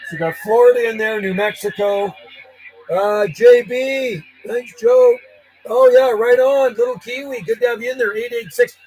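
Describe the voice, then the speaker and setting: Man, radio hobbyist, higher voice, easygoing rambling on-air chat. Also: moderate pace, a little mellow, soft background music, rough recording. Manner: rambling and friendly, chatting to callers while logging contacts. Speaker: ham radio operator.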